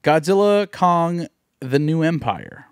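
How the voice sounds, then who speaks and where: Man, podcast co-host, animated pitch, casual swearing, slightly high voice, dry close sound. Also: takes it slowly, clear, resonant tone, no room sound. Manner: lively, swears freely, laughs a lot. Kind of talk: casual chat.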